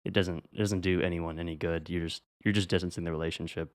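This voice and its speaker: A young man co-hosting a podcast, thinking aloud in a quick, reflective way. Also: deep voice, steady tone, dry recording. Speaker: podcast co-host. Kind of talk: casual chat.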